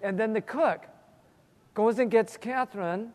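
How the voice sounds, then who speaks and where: A man with a high voice leads a Bible teaching with prayer and stories. He speaks earnestly and often repeats a word while he gathers his thoughts. His voice rings with a long reverb, as in a large hall or church. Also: unhurried. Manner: earnest, storytelling, repeats words while thinking.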